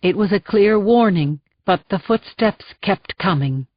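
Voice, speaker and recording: A woman reading a first-person thriller audiobook in a tense, measured way. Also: medium pitch, lively intonation, no echo. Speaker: audiobook narrator. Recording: dull, dry studio sound.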